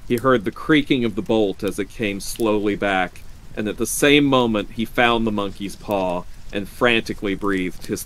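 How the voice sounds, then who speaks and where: Storyteller, lowish male voice, measured horror reading, stream host. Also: a bit bright, a little hiss or hum.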